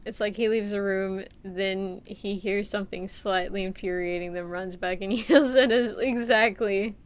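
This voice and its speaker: A woman's voice: medium pitch, fairly even intonation, measured pace, clean tone. A young adult woman streaming a game, chatting casually, reading chat aloud and laughing often. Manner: giggly, playful, reads chat aloud.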